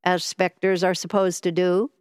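Smug know-it-all doctor, woman reading, lowish voice, dry close sound. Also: flat delivery, normal speed, clean tone, no echo, in a large hall, lightly acted. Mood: superior. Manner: self-important, superior. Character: self-important male doctor, superior.

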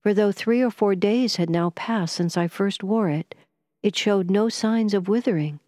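A woman narrating a novel in the first person, reading in a measured, even storytelling manner. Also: medium pitch, no echo, clean studio sound. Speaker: audiobook narrator.

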